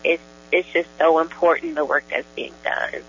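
A woman's voice: low voice, steady tone, normal speed, fairly bright tone, slight background noise. A woman guest on a radio ministry show, talking with joy and enthusiasm, often laughing. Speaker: guest in deliverance ministry training. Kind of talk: casual radio conversation. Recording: dull lo-fi radio sound.

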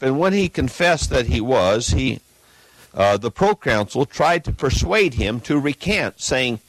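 A man preaching an emphatic sermon in a church, reading a text aloud and swinging between loud peaks and low asides. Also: no room sound, low-quality recording.

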